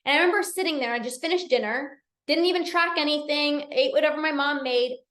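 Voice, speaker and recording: Chatty high-voiced woman coaching live. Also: a little fast, echoey room. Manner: energetic, chatty, many restarts and "like". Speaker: binge eating coach hosting a live session. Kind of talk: casual live-stream talk.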